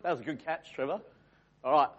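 In a muffled, lo-fi recording, an Australian quiz host banters with a room of people, teasing and chatting as the game goes on. His voice is on the high side, and he speaks a little fast.

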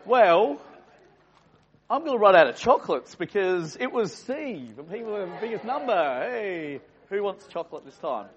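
There's some chatter behind this Australian man, whose high voice swings widely in pitch as he hosts a quiz for a live group. He talks at normal speed with few pauses, teasing the players in playful banter. The audio is muffled and lo-fi.

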